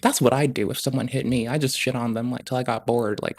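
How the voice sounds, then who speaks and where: Quiet, fast-talking profane streamer. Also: mid-range voice. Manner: talks quietly and quickly; heavy swearing, rambling asides. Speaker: live streamer. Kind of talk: ranting stream commentary.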